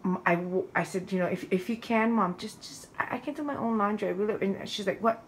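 A woman vlogger talks fast in a mid-range voice, telling a rambling personal story in a chatty, casual way full of fillers and restarts. The audio is poor, with faint water noise in the background and the loud roar of a waterfall.

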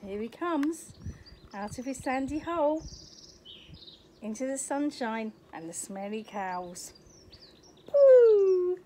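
With faint birdsong in the garden and a little hiss or hum, a grandmotherly storyteller reads a picture book to children outdoors. Her higher, slightly mellow voice is animated yet slow with long pauses, sing-song and chatty, frequently posing questions to the listener.

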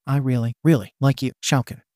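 Man voicing shy teen boy, stammers, mid-pitched, storybook read-aloud. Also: steady tone, fairly quick, a little mellow, no room sound, clean studio sound, lightly acted. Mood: flustered. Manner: stammering, nervous. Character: shy flustered teenage boy in love.

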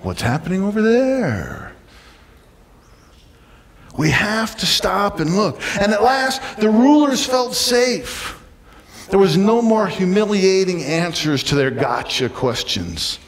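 Guy preaching in church, voice jumps all over, kinda high, long echo off the walls. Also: takes it slowly, a little hiss or hum. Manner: animated preaching, acting out crowd voices. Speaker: pastor. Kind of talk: sermon. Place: church sanctuary.

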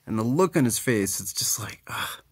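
A man with a fairly low voice talks through comic books in an easygoing, chatty way. He reads speech bubbles aloud and breaks off to comment on the pages, with a faint hiss behind him. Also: expressive, brisk. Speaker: comic book reviewer. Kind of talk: casual chat reviewing comics.

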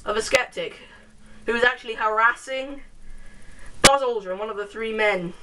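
A woman's voice: fairly high pitch, moderate pace. A young woman vlogging in a casual, giggly, rambling way, full of self-mocking asides. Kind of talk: casual chat to camera. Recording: distant camera mic with noise.

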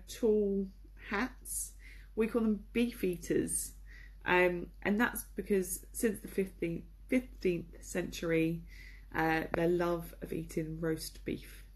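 A young presenter from England gives a chatty, casual lesson on English culture in a mid-range, slightly mellow, husky voice, with plenty of ums and ahs along the way.

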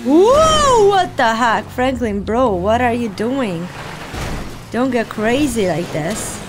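Woman gamer, high voice, very slow delivery, excitable running commentary, noisy recording. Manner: excitable, cheering on and scolding her character. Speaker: gaming channel host. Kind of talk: casual let's-play commentary.

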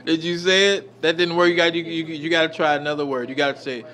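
A man's voice: fairly high pitch, little pitch movement, fast talker, pushed and bright. A man filming on a phone, playfully coaxing a child and stammering over his repeats. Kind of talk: casual coaxing chat.

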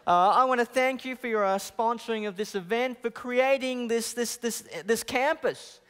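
A man from Australia with an Australian accent giving an academic lecture as guest speaker, talking quickly with a self-deprecating manner and frequent restarts. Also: extremely high pitch, fairly bright tone, smooth. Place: large chapel. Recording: long hall reverb.

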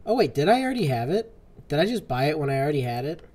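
A young man with a slightly high voice gives loose, joking commentary while playing a game. He chats to the characters and reacts aloud as he goes. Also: big pitch swings, very fast, darkish tone. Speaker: gaming video host. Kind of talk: casual gameplay commentary.

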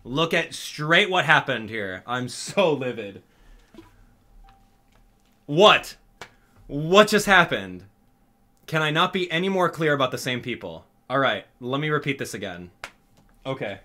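A man hosting a gaming channel, talking straight to his viewers in an exasperated, animated way during live game commentary. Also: a little high, unhurried, pauses often.

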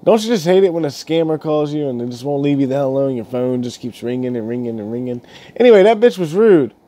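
A man's voice: mid-range voice, expressive, quick pace, mellow. A young man telling rambling stories in a casual, swearing vlog rant, laughing as he goes. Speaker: gaming YouTuber.

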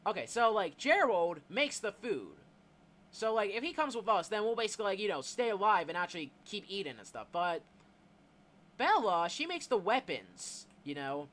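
A man's voice: high voice, very animated, normal speed, fairly bright tone. A young man doing Let's Play commentary, swearing a lot and rambling with lots of fillers. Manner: reads game dialogue aloud in put-on voices. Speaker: gameplay YouTuber.

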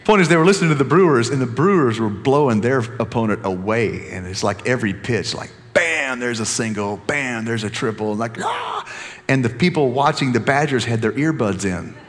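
A man preaching a sermon as pastor, animated and joking with the congregation, often restarting his sentences. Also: mid-range voice, fairly quick, hardly any pauses, in a large hall.

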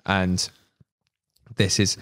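List man, low pitch, dry room, casual anecdotes, swearing, acts out voices. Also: monotone, extremely slow, fairly bright tone, no room sound. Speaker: podcast guest, media manager. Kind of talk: casual storytelling chat.

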